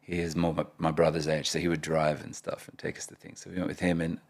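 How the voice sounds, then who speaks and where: A man in his forties, a rapper guest in a casual interview, telling animated stories and laughing often. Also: extremely low pitch, fast talker, creaky. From Australia (Perth).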